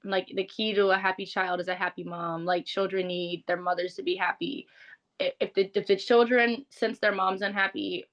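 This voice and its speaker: A woman talks as an interview guest, recounting her own experiences openly. Her delivery is casual and conversational, full of "like" and quick restarts, frank rather than polished. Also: mid-range voice, a bit bright. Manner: frank, conversational, heavy use of "like". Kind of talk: candid personal storytelling.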